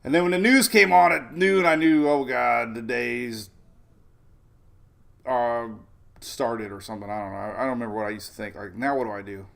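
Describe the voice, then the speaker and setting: Chatty man with a gravelly voice. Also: medium pitch, steady tone, normal speed, a bit bright. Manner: rambling, chatty, drifts off topic; talks over weather maps on screen. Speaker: weather livestream host. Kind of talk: casual tropical weather briefing.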